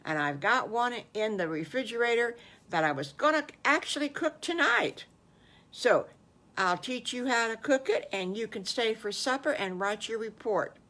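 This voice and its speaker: A woman's voice: a little high, expressive, moderate pace, voice pushed up. Grandmother as a kindly motherly farm wife. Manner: gentle, affectionate.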